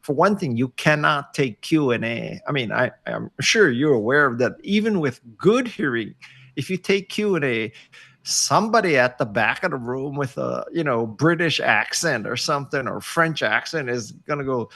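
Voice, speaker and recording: Gravelly-voiced wry older man. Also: medium pitch, expressive, moderate pace, pushed and bright. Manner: wry, self-deprecating, emphatic. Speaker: guest. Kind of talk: casual interview over video call. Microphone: video call.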